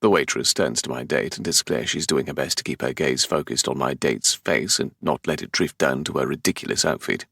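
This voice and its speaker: A man with a London English accent reads a first-person romance audiobook in a dry, sardonic, exasperated voice. His voice sits very low, with a gravelly, husky grain. The recording is close and dry. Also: a little fast, few pauses, fairly bright tone, dry recording. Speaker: audiobook narrator. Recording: dry close studio sound.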